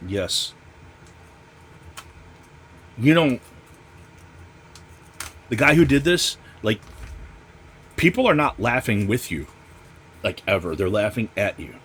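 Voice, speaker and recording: A man's voice: fairly low pitch, lively intonation, takes it slowly, pauses often, a bit bright, slightly rough. A man hosting a casual comic book unboxing vlog, ranting with constant profanity and sarcasm. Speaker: comic channel host.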